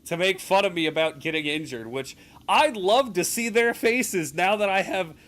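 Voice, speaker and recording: A man's voice: high-pitched, moderate pace, a bit bright. A young man hosting a gaming stream, chatting casually and teasing his friend, laughing often as he retells stories. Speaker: gaming channel host. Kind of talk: casual chat while playing.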